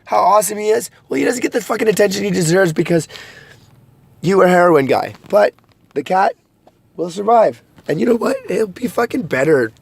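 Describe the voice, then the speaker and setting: A man's voice: high-pitched, expressive, fairly quick, creaky, breathy edge, dry recording. A young man vlogging a rambling, profane confessional monologue, joking darkly as he goes. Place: rural home at night, partly outdoors.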